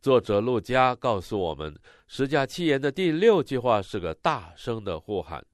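A man interpreting a sermon line by line, expressive and rising on the quoted cries. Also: medium pitch, moderate pace, no echo, clean studio sound.

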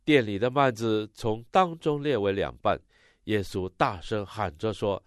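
A man interpreting a sermon line by line, expressive and rising on the quoted cries. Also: on the low side, measured pace, clean tone, no room sound, clean studio sound.

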